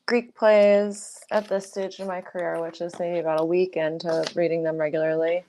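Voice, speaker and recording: A woman breaks from the reading to chat, casual and offhand, full of "like" and "um". Her voice is low-pitched and smooth. She talks as if thinking aloud. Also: level tone, moderate pace, hardly any pauses, dark tone. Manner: offhand, with fillers like "like" and "um". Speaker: host reading a play aloud. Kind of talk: casual commentary.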